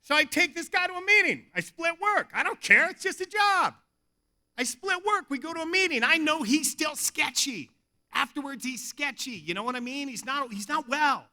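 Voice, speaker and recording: A man tells humorous recovery stories at a convention in a casual, profane way, acting out each conversation. His voice is high and very bright, and it leaps around in pitch. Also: normal speed. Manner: animated, casual, swears, acts out dialogue. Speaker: AA convention speaker. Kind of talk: humorous recovery talk, storytelling. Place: hotel convention hall.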